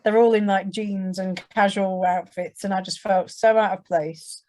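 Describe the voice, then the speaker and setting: In a warm, mid-range voice with fairly even intonation and normal speed, a young woman from England recounts her testimony to a church congregation. It's conversational, full of restarts and quotes she acts out.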